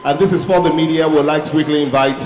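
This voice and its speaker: Male event MC, mid-pitched voice, echoey hall, faint room noise. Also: steady tone, quick pace, a little mellow. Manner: rallying audience applause. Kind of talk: live event hosting. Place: large conference hall.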